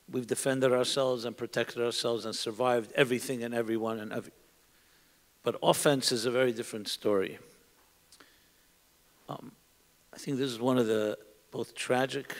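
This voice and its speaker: A middle-aged man, a rabbi, giving an earnest, reflective talk to an audience in a synagogue hall, asking many rhetorical questions. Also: medium pitch. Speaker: rabbi, panel speaker. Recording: long hall reverb.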